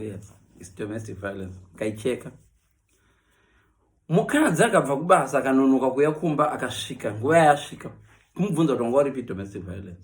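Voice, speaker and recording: A man's voice: medium pitch, quick pace. A man with a Zimbabwean accent doing a comic monologue, switching between Shona and English and acting out the people he talks about. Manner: animated, mixes Shona with English, acts out quoted voices. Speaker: comedian.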